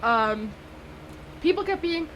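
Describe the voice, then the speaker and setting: A woman's voice: very high-pitched, lively intonation, slow pace, a bit bright, slight background noise. A woman in her twenties hosting a radio show, chatting casually between songs with a rambling, laugh-prone manner full of fillers and restarts. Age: 20s.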